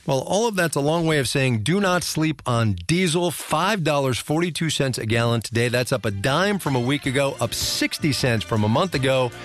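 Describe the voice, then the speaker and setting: A man's voice: mid-range voice, expressive, normal speed, a bit bright, faint music behind. A man hosting a radio business news show, giving a chatty, emphatic sign-off commentary. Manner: emphatic, chatty, repeats words for stress.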